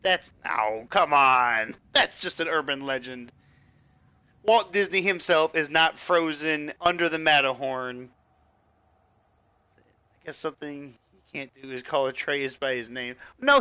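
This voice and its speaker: A man's voice: a little high, pushed and bright, smooth, dry recording. A young man streaming a game, joking and rambling casually as he comments and laughs at the scenes.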